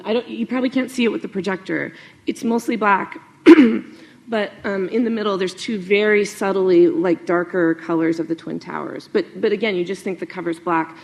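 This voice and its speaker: A woman journalist giving a lively talk to an audience, animated, with many fillers and asides. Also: on the low side, gravelly.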